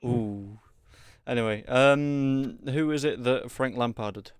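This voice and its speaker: A young man hosting a casual podcast, steering topics with quick reactions. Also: mid-range voice, clean tone, no echo. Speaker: podcast host. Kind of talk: casual chat.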